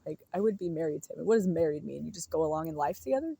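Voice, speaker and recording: A woman's voice: sits low, expressive, rapid-fire, vocal fry, mellow, slightly rough, no echo. A young woman rambling through a casual monologue, musing aloud, laughing often and trailing off mid-thought. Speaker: vlogger.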